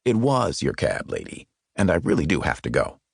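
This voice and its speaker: A man's voice: low-pitched, wildly swooping pitch, moderate pace, creaky, slightly rough, dry recording, studio quality, heavily acted. A man voicing a brusque, charming young man. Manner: curt, brusque. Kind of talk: audiobook character voice.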